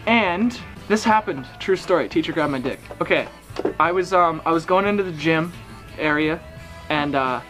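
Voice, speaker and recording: A young man co-hosting a podcast, telling a crude high school story in a rambling, laughing way. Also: lively intonation, normal speed, over music. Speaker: podcast co-host. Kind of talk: casual storytelling chat.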